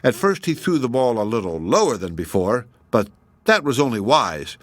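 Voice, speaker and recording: Male storybook narrator, gentle and expressive, dry close recording. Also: mid-range voice, normal speed, no echo. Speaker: audiobook reader.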